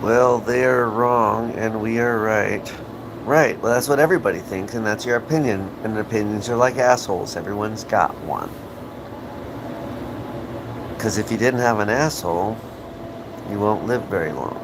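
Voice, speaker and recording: A man's voice: lowish voice, normal speed, noisy background. American guy ranting on his livestream, swears a lot, rambles, gets heated, reads chat. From United States. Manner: chats with viewers' comments. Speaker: livestream host. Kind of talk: live-stream rant.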